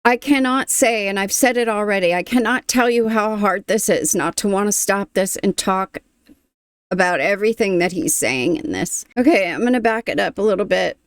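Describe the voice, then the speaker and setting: A woman's voice: mid-range voice, normal speed, smooth, no echo, studio quality. A woman hosting a reaction video, talking casually, moved and thoughtful, often trailing off.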